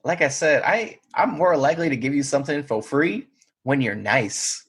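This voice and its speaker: A man's voice: on the high side, lively intonation, moderate pace, breathy edge. A man co-hosting a podcast in a casual chat, laid-back and telling work stories. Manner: laid-back, acts out quotes in bursts. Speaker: podcast co-host.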